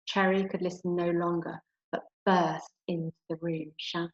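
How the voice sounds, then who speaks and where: English woman, primary teacher, expressive storyteller, echoey lo-fi home recording. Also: lowish voice, normal speed. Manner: expressive storytelling, gentle and encouraging. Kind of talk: reading a story aloud then teaching. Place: home room. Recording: roomy, dull home recording.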